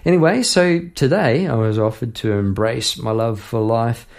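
A man's voice: mid-range voice, normal speed. A middle-aged Australian man, a songwriter and piano teacher, chatting casually and laughing at himself as he tells a story.

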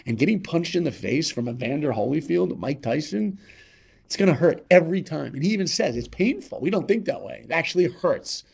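A man as a podcast guest telling a motivational story, emphatic and repetitive, swinging between loud and hushed. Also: a little high, animated, fairly quick, creaky, husky.

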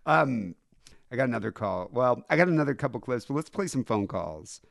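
A man hosting a podcast, crude and quick to laugh, firing off questions. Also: medium pitch, animated, gravelly, dry recording, studio quality. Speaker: podcast host. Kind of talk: casual chat.

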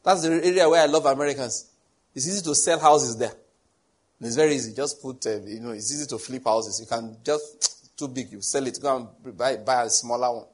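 With a husky, mid-range voice and a slightly fast pace, a middle-aged Nigerian man delivers a sermon. He narrates stories animatedly and acts out the lines of dialogue.

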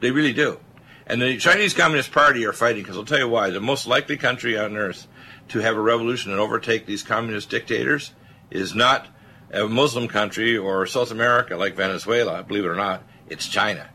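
A man's voice: on the low side, fairly quick, sharp tone, a little hiss or hum. A man hosting a talk radio show, speaking emphatically and rambling with many filler uhs.

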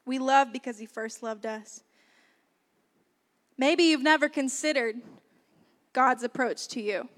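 A young woman preaching a sermon, earnest and lively. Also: sits high, measured pace, pauses often. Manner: earnest, lively, warm-hearted with laughs. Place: church hall. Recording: long hall reverb.

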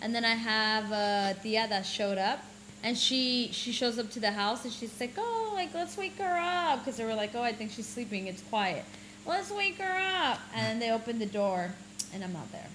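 A woman in casual podcast chat, tossing in dry jokes while she tells her own stories. Her voice sits a little high. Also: steady tone, moderate pace, fairly bright tone, slight background noise, rough recording. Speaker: podcast co-host.

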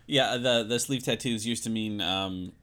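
A man co-hosting a casual podcast chat, talking in a hesitant, halting way. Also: lowish voice, fairly bright tone. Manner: hesitant, halting, many restarts. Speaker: podcast co-host.

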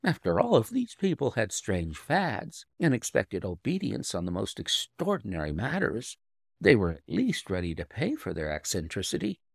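A man reading an audiobook, voicing a young governess who tells her story in a proud, firm, measured way. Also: lowish voice, huge pitch swings, creaky, no room sound, studio quality, full character voice. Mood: earnest.

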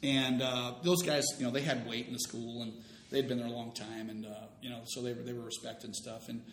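Fast-talking man telling a story. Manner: rambling, animated storyteller acting out dialogue. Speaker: storytelling guest. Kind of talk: casual podcast chat. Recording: roomy room with faint rumble.

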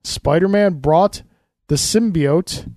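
A man's voice: high voice, slow, darkish tone, no room sound, studio quality. A man co-hosting a casual comics podcast, explaining at length in a rambling way with frequent restarts. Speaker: podcast co-host. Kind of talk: casual chat.

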